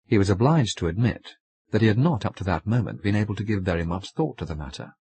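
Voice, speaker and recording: A man narrating an audiobook story in a measured, wry storytelling manner. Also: lowish voice, expressive, mellow. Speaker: audiobook reader.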